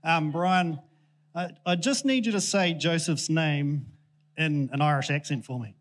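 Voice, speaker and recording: A man's voice: on the high side, measured pace. A man giving a casual, joking sermon to a church congregation, chatty and self-deprecating with plenty of ums. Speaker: preacher.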